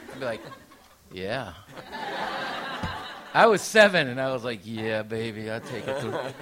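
Bright-voiced guy from mexico, spanish first language, cracking jokes on a panel, slightly high voice. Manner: animated, jokey, laughs often. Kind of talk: comic storytelling to an audience.

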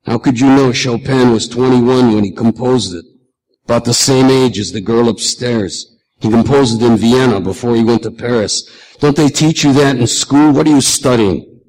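A man reading aloud and voicing an old grandfather with a low, raspy voice, who lectures and teases about music. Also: moderate pace, a little mellow, lightly acted, rough recording. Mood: teasing. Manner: teasing, lecturing.

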